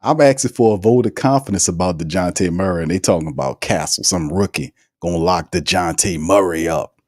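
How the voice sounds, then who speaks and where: A man's voice: sits low, fairly quick, darkish tone, no echo, studio quality. A man hosting a casual sports podcast, talking in an emphatic, slangy, teasing way and reading out live chat comments. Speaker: podcast host.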